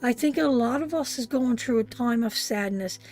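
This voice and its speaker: A woman's voice: on the high side, normal speed, a little mellow. A woman giving an emotional live tarot reading, speaking tenderly and directly to her viewers. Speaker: tarot reader.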